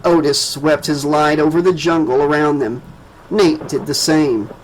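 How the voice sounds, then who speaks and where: A man narrating a horror novel as an audiobook, measured and dramatic. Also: a little high, steady tone, a little hiss or hum, poor audio. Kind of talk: scripted narration.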